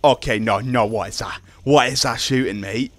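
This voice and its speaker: A young Irish man streaming a video game live, chatting casually, reading out viewer messages and reacting loudly when startled. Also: mid-range voice, normal speed, slight background noise. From Ireland. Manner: casual, reads chat aloud, yelps when startled. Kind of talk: live gameplay stream chat.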